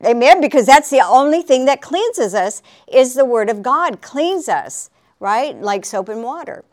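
A woman's voice: high voice, big pitch swings, a little slow. A woman preaching in a chatty, conversational way on a faith talk show, laughing often and asking for an Amen.

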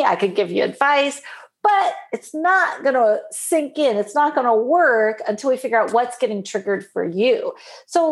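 A woman coaching a client through a parenting worry, probing with questions and playfully voicing the client's thoughts. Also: a little high. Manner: animated, playfully acts out the client's inner voice. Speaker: life coach. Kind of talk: coaching session.

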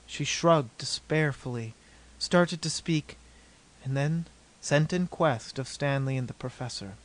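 A man narrating an adventure novel as an audiobook in a steady, measured reading. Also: medium pitch.

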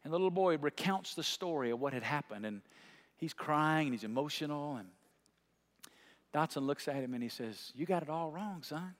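A man preaching a sermon, telling a story and building to shouted climaxes. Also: on the high side, normal speed. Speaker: pastor. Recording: reverberant large hall.

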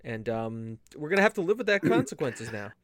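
A man's voice: mid-range voice, big pitch swings, a little fast, fairly bright tone, dry recording. A man co-hosting a gaming podcast in casual, joking chat, rambling and full of puns. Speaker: podcast co-host running the stream.

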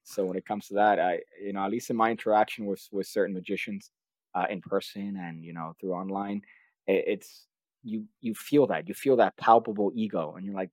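A man whose first language is Spanish, chatting as a podcast guest over a remote call, animated and joking. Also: on the low side, brisk, dry recording. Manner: animated, joking, does mock voices. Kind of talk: casual chat.

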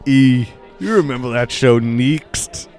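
A man's voice: mid-range voice, takes it slowly, darkish tone, clean tone, soft background music. A young man chatting casually while gaming, goofily narrating what he does. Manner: goofy, narrates his in-game actions. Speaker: gamer.

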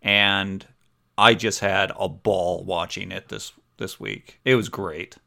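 A man's voice: low-pitched, steady tone, slow, creaky, bright, forceful tone. A man co-hosting a podcast in casual chat, playful and laughing at his own slips. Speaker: podcast co-host.

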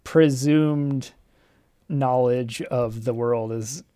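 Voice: medium pitch, extremely slow, dark tone, clean tone, no echo. Hesitant game master, dry sound. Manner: hesitant, many ums. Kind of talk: narrating a tabletop horror game.

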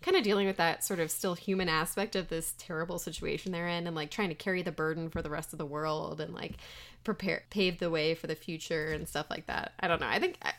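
A woman's voice: deep voice, fairly even intonation, quick pace, a bit bright. A young woman co-hosting a book podcast, chatty and casual, often correcting herself mid-sentence. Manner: chatty, self-correcting, lots of "like". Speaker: podcast co-host. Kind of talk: casual book discussion and joke telling.

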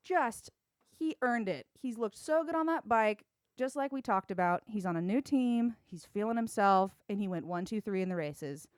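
A woman's voice: mid-range voice, lively intonation, moderate pace, no echo, studio quality. A young woman hosting a solo sports podcast, chatty and opinionated, with casual swearing. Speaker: podcast host.

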